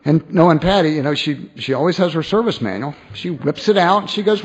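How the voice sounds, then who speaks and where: A man tells a personal story in a lively way, stopping and restarting and putting on voices for the people he quotes. His voice sits a bit high for a man. The recording is dull and lo-fi. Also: a little fast, slightly rough. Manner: animated, acts out quoted voices, frequent restarts. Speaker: speaker sharing his recovery story.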